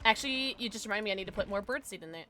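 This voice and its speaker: A woman's voice: medium pitch, lively intonation, rapid-fire, sharp tone, slight background noise. A young adult woman streaming from home, chatting casually and gushing at her chat with sudden squeals.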